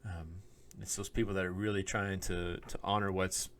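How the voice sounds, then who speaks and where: A man's voice: low voice, level tone, normal speed, slight background noise. A man co-hosting a podcast, telling a personal story in casual chat, acting out quoted lines and laughing often. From Oklahoma. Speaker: podcast co-host, minister. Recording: podcast microphone.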